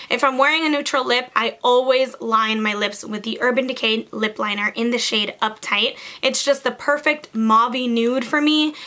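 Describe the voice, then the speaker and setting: A young woman talks straight to her camera in a casual beauty vlog. Her voice is bright and forward, sitting a little higher than most, and she gushes eagerly with plenty of "like" between her thoughts. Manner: bubbly, gushing, says "like" a lot. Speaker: beauty vlogger. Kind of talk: casual makeup favorites vlog.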